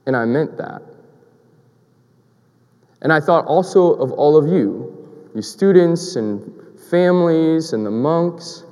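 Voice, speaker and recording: A man's voice: on the high side, lively intonation, takes it slowly, long pauses, mellow, clean tone, big-room sound. A man preaching a sermon in a conversational, storytelling way, asking rhetorical questions.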